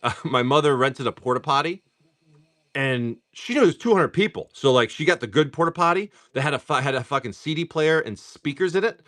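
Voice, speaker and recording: This is a man in his forties talking off the cuff during a live card-pack opening stream. He rambles, swears freely and clears his throat often. His pitch moves a lot as he goes, rising and falling through every sentence. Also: fairly bright tone. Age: 40s. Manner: rambling, profane storyteller; frequent throat clearing and filler words. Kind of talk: casual live-stream chat while opening card packs.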